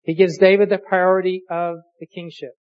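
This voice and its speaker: A preacher giving a sermon, reading scripture aloud slowly and deliberately and posing rhetorical questions. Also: medium pitch, level tone, lo-fi sound.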